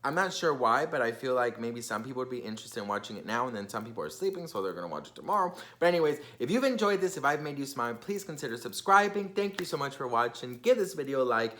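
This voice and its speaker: A man's voice: mid-range voice, expressive, fast, hardly any pauses, fairly bright tone. A young man vlogging, telling a casual story in a chatty, gossipy way with lots of fillers.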